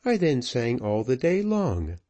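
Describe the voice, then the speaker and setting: Man voicing a wistful woman, gentle and musing, raised pitch, slow, storybook. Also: wildly swooping pitch. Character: wistful woman, once a famed singer.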